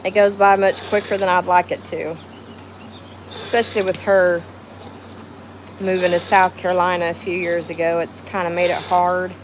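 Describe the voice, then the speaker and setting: A woman's voice: fairly low pitch, level tone, moderate pace, long pauses, slight background noise, rough recording. A middle-aged woman with a Southern US accent, hosting a casual livestream chat outdoors at home, rambling and emotional as she greets viewers by name. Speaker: livestream host.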